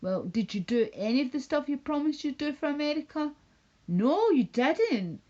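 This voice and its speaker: A woman's voice: high voice, sing-song, normal speed, a little mellow, muffled recording. A woman streaming live from home, ranting casually in a rambling, profane and mocking way. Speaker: livestreamer. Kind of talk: casual livestream rant.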